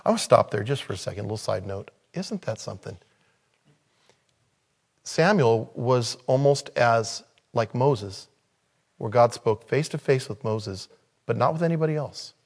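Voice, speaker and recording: A man preaching a sermon in a conversational way, with sudden loud, high-pitched bursts of emphasis. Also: lively intonation, normal speed, vocal fry, breathy edge. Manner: conversational, thinking aloud. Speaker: pastor.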